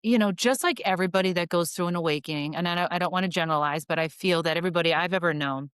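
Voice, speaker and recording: Woman podcast guest, low voice, dry close sound, earnest and reflective. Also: racing, clean tone, no room sound. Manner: earnest, thoughtful, many ums. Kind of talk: reflective spiritual conversation.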